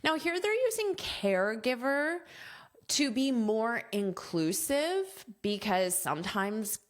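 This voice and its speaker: Slow-speaking woman teaching English vocabulary. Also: on the high side, sing-song. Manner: patient, repeats and gives everyday examples. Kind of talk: explaining vocabulary from a text.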